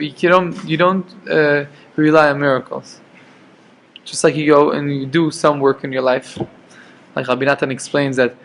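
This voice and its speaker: Gravelly-voiced man teaching a Torah class. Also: a little high, fairly bright tone. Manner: conversational, checks in with "okay?" and "right?". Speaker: rabbi teaching Jewish law.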